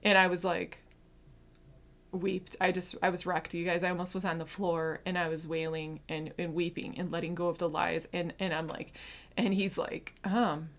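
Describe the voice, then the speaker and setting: A woman in her thirties giving a heartfelt personal faith testimony, earnest, swinging between hushed and intense. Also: lowish voice, little pitch movement, normal speed. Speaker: Christian speaker sharing testimony.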